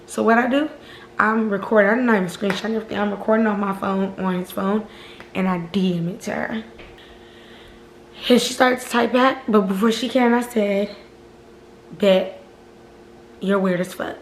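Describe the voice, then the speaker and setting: A woman's voice: medium pitch, brisk, a little hiss or hum. Female storytime vlogger, casual and profane, mid-range voice, reverberant room. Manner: animated, profane, keeps addressing viewers as "y'all". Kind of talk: casual storytime chat to viewers. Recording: roomy echo.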